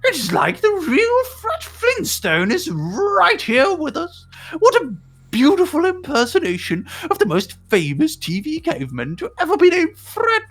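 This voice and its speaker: A woman doing a gushing, high-voiced queen. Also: wildly swooping pitch, a little slow, a bit bright, full character voice. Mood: gushing, regal. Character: gushing regal queen, delighted and grand.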